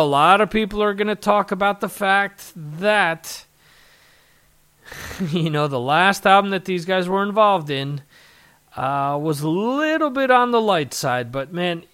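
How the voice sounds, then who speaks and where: A man's voice: on the high side, a bit bright. Rambling male podcast host. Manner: rambling, conversational, with many fillers and restarts. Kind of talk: solo podcast commentary.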